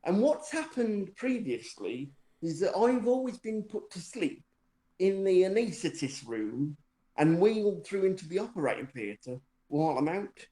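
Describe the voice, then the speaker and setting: A man telling a personal story in a relaxed, chatty way. He wanders with frequent "um"s and restarts and mocks himself with a dry wit. The recording is roomy, with noticeable echo. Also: high voice, a little slow. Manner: rambling, lots of fillers and restarts, dry self-mocking humour. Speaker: podcast co-host telling a story. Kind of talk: casual anecdotal storytelling.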